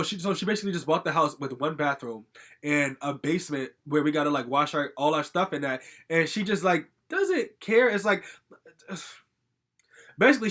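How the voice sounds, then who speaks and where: A man's voice: on the high side, sharp tone. A young man telling a personal story in a casual, rambling vlog monologue, full of "like" fillers and swearing, agitated and venting. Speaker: storytime vlogger.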